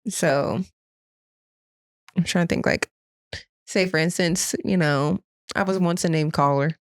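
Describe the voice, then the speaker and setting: A young woman co-hosting a podcast from a couch, chatting casually and pausing often to search for her words. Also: on the low side. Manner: hesitant, searching for words, with many fillers. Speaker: podcast co-host. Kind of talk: casual chat. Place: on a couch at home.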